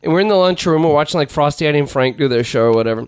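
A middle-aged man telling animated, profane stories in casual chat. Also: racing, smooth, no echo. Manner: animated, profane storyteller, rises in pitch when riled.

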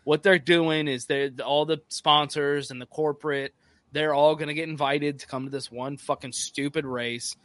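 Podcast cohost guy ranting, blunt and sweary, bright voice, dead dry sound. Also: fairly high pitch, steady tone, normal speed, no room sound. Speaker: podcast co-host. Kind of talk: casual profane chat.

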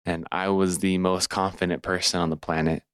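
Earnest young man with a deep voice. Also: little pitch movement, moderate pace, a bit bright, clear, resonant tone, no echo. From California, USA. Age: 20s. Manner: earnest and heartfelt, laughs at himself. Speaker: podcast guest. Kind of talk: personal storytelling.

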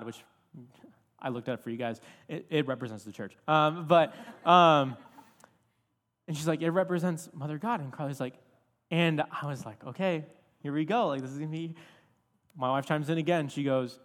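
A young man telling a story in a casual, animated sermon, full of fillers and asides. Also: a little high, moderate pace. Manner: animated, chatty with many fillers. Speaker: preacher. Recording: reverberant hall.

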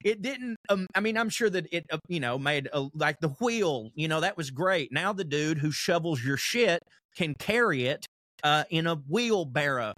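A man's voice: fairly high pitch, lively intonation, normal speed, fairly bright tone, no echo, studio quality. A young man co-hosting a podcast, chatting casually in a rambling, profane way and laughing often. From American South. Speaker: podcast co-host. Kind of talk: casual chat.

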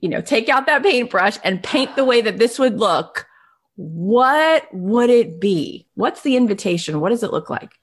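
A woman's voice: on the high side, animated, brisk, few pauses, husky. A woman business coach on a video call, effusive and gushing with praise as she coaches a student.

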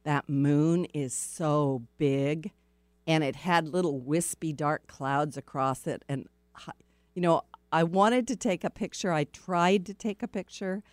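A woman's voice: sits low, fairly even intonation, measured pace, no echo. A woman hosting a listener-supported radio talk show, giving chatty, upbeat announcements in a spiritual tone and speaking directly to her audience.

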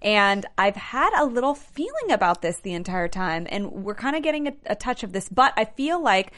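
A woman's voice: mid-range voice, big pitch swings, normal speed, fairly bright tone. A woman hosting a casual panel chat, easygoing and steering the talk. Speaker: host.

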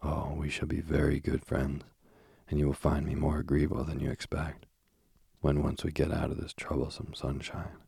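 A man's voice: a bass voice, completely flat delivery, normal speed, gravelly, dark tone, husky, dry recording, studio quality, full character voice. A man reading the part of a boastful, coaxing male king of the underworld in a storybook.

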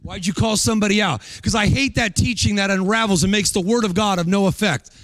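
A middle-aged man preaching a guest sermon with energy, in a sing-song cadence and shouted peaks. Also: sits high, fast talker, no echo.

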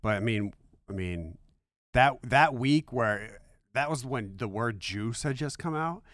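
A man's voice: mid-range voice, animated, unhurried, fairly bright tone, no room sound, clean studio sound. A man in casual podcast chat who rambles and restarts, recalling his time working at events. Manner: loose, rambling, with many restarts. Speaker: podcast guest, former event staff.

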